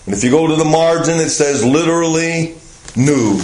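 A man teaching a Bible lesson as pastor, speaking slowly and deliberately with frequent "uh" fillers. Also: fairly high pitch, animated, darkish tone, echoey room, rough recording.

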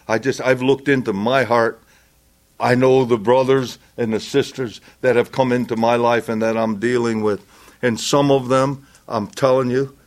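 A man preaching a sermon, deliberate and earnest, building to impassioned pleading. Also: medium pitch, fairly even intonation.

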